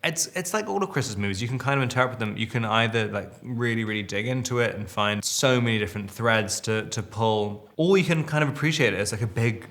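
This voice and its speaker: A man in his thirties reminisces in a loose, self-amused way, tripping over restarts and fillers and breaking into chuckles. His voice sits fairly low with a gravelly fry, yet has a bright, tense edge. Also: animated, brisk, hardly any pauses. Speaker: actor interviewee. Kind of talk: casual interview, reminiscing.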